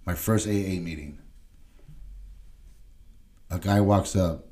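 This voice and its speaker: A man's voice: sits low, slow, mellow. A man guest on a podcast telling his recovery story with emotion, often checking in with "right?" and restarting his words. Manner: emotional, tag questions "right?" between phrases.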